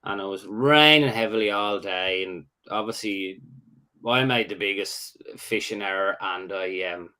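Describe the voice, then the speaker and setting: In a loose, chatty way, a fishing host tells one of his stories, stopping and restarting before getting worked up as it goes on. He's a man whose pitch runs fairly low.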